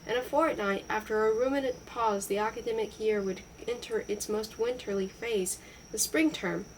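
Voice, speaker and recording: A woman reading literary prose aloud in a slow, measured narration. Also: fairly high pitch, recorded from a distance, slight background noise, poor audio. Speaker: audiobook reader.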